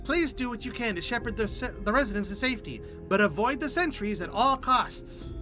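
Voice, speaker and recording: A man's voice: very high voice, lively intonation, fairly quick, music in the background. A man voicing an earnest game ally, reading the lines aloud in a put-on odd accent. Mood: urgent.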